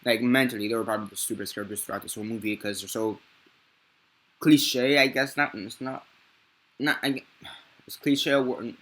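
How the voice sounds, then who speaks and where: Bright-voiced man rambling through a film review. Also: medium pitch, steady tone, a little fast, long pauses. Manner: rambling and profane, with frequent self-corrections. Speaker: movie reviewer. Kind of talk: casual unscripted film review.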